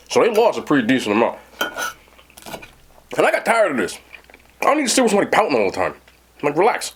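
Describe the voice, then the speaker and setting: A husky-voiced man hosting his own eating show tells a long story with lively energy, his pitch leaping up and down. Casual and animated, he speaks straight to his chat.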